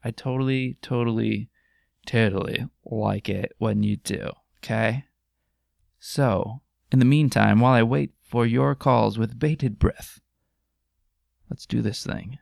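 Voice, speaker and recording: Gravelly-voiced man hosting a podcast. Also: medium pitch, steady tone, slow, darkish tone, no room sound, clean studio sound. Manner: rambling, jokey and crude. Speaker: podcast host. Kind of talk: casual chat.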